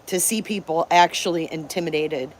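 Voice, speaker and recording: A woman's voice: low voice, moderate pace, a little hiss or hum. Blunt, swearing woman telling stories. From Detroit, Michigan. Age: 50s. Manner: candid, profane, emphatic storytelling. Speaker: channel host. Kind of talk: live-stream storytelling chat.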